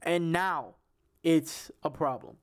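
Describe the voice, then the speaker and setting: A man's voice: fairly high pitch, slow. A young man hosting a casual sports podcast, rambling with many restarts and fillers. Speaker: podcast host.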